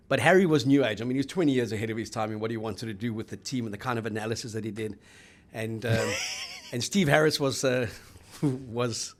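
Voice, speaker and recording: A man's voice: mid-range voice, slight background noise. Brief: middle-aged man, chatty rugby host, rambling and anecdotal. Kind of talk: casual sports chat.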